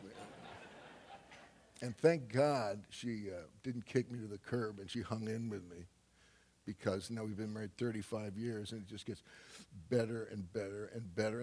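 An older man telling a personal story on stage in a rambling way, laughing often and breaking into sudden loud bursts. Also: lowish voice, moderate pace, slight background noise. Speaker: speaker on stage. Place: stage before an audience.

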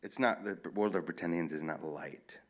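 A man, an author, answering audience questions in a relaxed, rambling storytelling way at a live event. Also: low voice, moderate pace. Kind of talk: casual Q&A talk.

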